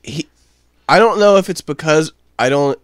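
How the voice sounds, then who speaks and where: A man's voice: on the high side, normal speed, clean tone, dry recording. Young man telling rambling stories, dry sound. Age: young adult. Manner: rambling, swearing, animated anecdotes. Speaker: podcast co-host. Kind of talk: casual storytelling chat.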